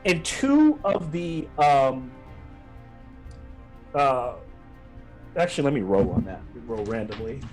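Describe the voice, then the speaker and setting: A man narrating as game master of a tabletop game over an online call, with halting, descriptive narration full of restarts. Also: medium pitch, sing-song, a little mellow, faint music behind.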